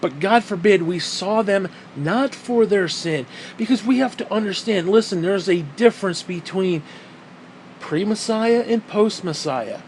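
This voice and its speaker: High-voiced man ranting bluntly. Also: animated, measured pace, darkish tone, a little hiss or hum, low-quality recording. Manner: blunt, profane, repeats points for emphasis. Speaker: vlogger. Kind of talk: heated ranting commentary.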